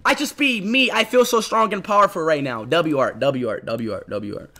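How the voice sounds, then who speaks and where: A young man streaming live, reacting loudly and excitably, swearing a lot and bursting into shouts. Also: fairly high pitch, moderate pace.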